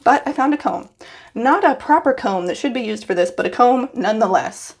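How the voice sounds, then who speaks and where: The voice is fairly high, animated, and brisk, with a little hiss or hum in the recording. It belongs to a young hairstylist chatting to herself on her phone in her home bathroom, nervous and giggly, in casual vlog fashion.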